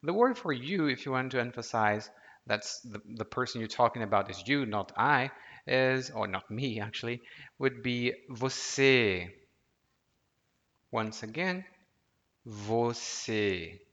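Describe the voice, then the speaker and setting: A patient man leads a language lesson, speaking very slowly and deliberately. He prompts the listener to repeat each word aloud. The recording sounds dull and lo-fi, with a long reverb trailing behind him. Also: mid-range voice, lively intonation, a bit bright. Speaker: language teacher.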